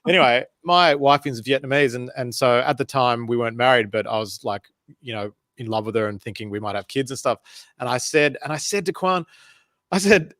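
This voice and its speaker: A man hosting a casual chat, telling self-deprecating stories with animated energy. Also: mid-range voice, fairly quick, dry recording, studio quality. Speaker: host.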